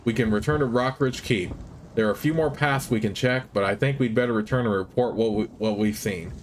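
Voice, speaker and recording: An earnest young woman scout, guarded and practical, as a man reads her lines aloud from a fantasy game. Her lines come out clipped and matter-of-fact, in an ordinary middle-pitched voice. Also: fairly quick, a little hiss or hum, natural voice. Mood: brisk.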